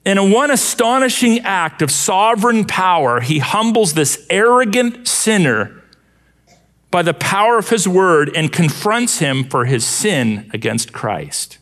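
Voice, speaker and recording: A male pastor preaching a sermon, expressive and using vivid rhetorical questions. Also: sits high, a little slow.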